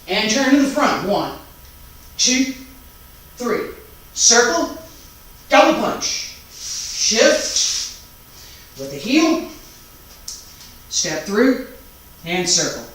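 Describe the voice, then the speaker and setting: A man teaching a taiji class online, calmly calling out each movement, breath and count step by step. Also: sits high. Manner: calm, unhurried step-by-step cueing and counting. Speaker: taiji instructor. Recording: very echoey room, mic far off, faint background noise.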